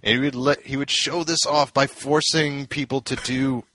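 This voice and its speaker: A man telling stories in a relaxed podcast chat, sounding eager and laughing often. His voice sits at an ordinary middle pitch. The sound is dry and close, with no room around it. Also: moderate pace, dry recording. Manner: enthusiastic, laughs often, recounting events. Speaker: podcast co-host. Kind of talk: casual storytelling chat.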